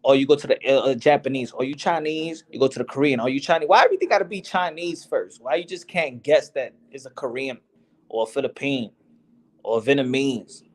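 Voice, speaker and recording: A man's voice: medium pitch, animated, fairly quick. A man hosting a boxing podcast, talking in a casual, slangy street style. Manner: slangy, loose street talk. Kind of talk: casual chat.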